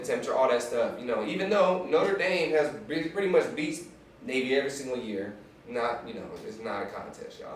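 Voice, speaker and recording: A man's voice: mid-range voice, a little hiss or hum. A young man hosting a casual sports picks show, hyped, slangy and joking, recorded from a distance in a room. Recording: echoey room, mic far off.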